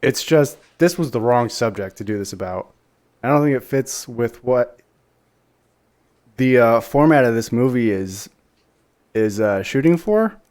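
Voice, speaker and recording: A man's voice: mid-range voice, lively intonation, measured pace, long pauses, a little mellow. A man co-hosting a movie podcast in casual chat, blunt and repeating his points with many fillers. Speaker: podcast co-host.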